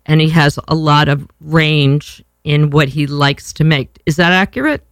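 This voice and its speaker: A woman's voice: low-pitched, unhurried, dry recording. A woman, hosting a casual talk show in a brash, rambling way, swearing freely. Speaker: podcast host.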